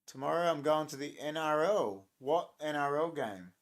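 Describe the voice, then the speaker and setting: A man's voice: on the high side, expressive, normal speed. Young male streamer, loose and jokey, riffs on chat comments. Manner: rambling, joking, reacting to chat comments. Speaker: livestream host. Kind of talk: casual live-stream chat.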